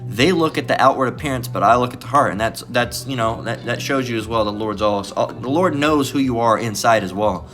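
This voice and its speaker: A man's voice: medium pitch, fairly quick, hardly any pauses, fairly bright tone, soft background music. A man giving an informal bible teaching, rambling with restarts and tagging lines with "all right?". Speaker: preacher.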